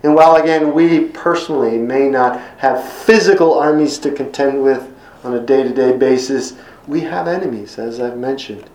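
A middle-aged man preaching a sermon in an earnest, emphatic way, slowing down and repeating words when quoting scripture. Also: medium pitch, darkish tone, echoey room, low-quality recording. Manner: earnest, emphatic repetitions, slows for scripture quotes. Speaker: pastor.

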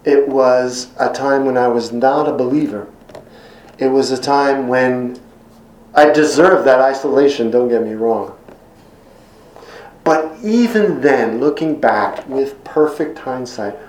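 A middle-aged man preaching a sermon in an earnest, emphatic way, slowing down and repeating words when quoting scripture. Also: mid-range voice, darkish tone, echoey room, low-quality recording. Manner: earnest, emphatic repetitions, slows for scripture quotes. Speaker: pastor.

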